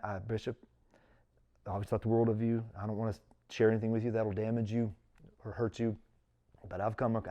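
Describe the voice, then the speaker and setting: A man's voice: mid-range voice, dark tone. A middle-aged man telling a personal story in a sit-down interview, earnest and emotional, acting out the voices of people he quotes. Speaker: interview guest.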